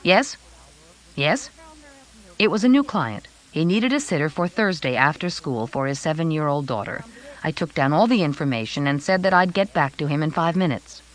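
A woman's voice: low voice, expressive, a little fast, rough recording. A woman narrating a children's chapter book in first person, reading aloud expressively. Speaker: audiobook narrator.

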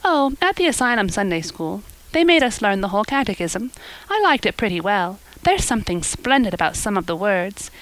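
A woman's voice: medium pitch, big pitch swings, brisk, fairly bright tone, no echo, low-quality recording. A woman voicing a chatty, imaginative orphan girl in an audiobook, eager and gushing. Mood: enthusiastic. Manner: eager, gushing, rising and falling. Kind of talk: audiobook character voice.

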